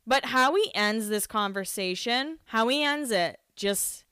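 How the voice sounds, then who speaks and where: A young woman hosts a podcast in a casual, gossipy way, laughing easily. Her voice is smooth and clear, recorded close on a dry mic with no room sound. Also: a little high, lively intonation, unhurried, bright, forceful tone, dry recording. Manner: chatty, gossipy, laughs often. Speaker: podcast host recapping a reality show. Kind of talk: casual chat.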